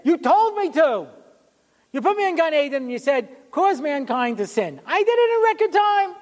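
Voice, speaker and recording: An indignant male snake whines about being wronged, as a man puts him on. The voice sits very high and keeps pleading its case. It rings out with a long reverb, as if in a large hall. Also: lively intonation, brisk, a little mellow. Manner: whiny, aggrieved pleading.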